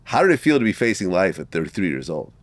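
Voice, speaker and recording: A man's voice: low voice, big pitch swings, quick pace, no echo. A man hosting an interview who sums up the case and asks short questions. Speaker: interview host.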